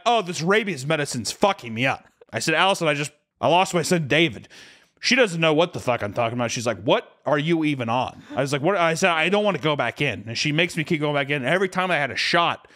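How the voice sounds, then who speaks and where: A young man co-hosting a podcast, telling a story in a casual, profane, comedic way and acting out the voices of the people in it. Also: a little high. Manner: animated, profane, acts out quotes with screams. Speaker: podcast co-host.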